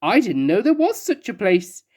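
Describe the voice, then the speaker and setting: A woman voicing a cheery, friendly man who greets others brightly. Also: medium pitch, big pitch swings, moderate pace, breathy edge, voice pushed up.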